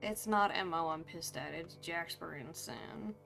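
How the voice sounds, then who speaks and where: A woman streamer recounting her character's story in a roleplay game, animated and frustrated, swearing freely. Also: fairly low pitch, a little slow, gravelly, faint music behind.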